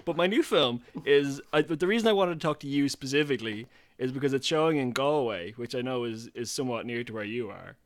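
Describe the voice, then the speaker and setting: A man with a mid-low voice speaks as a guest in a relaxed chat. He stops and restarts often, and the sound is dry and close. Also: dry recording. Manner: halting, repeats himself, dry. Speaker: guest filmmaker. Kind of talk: casual chat.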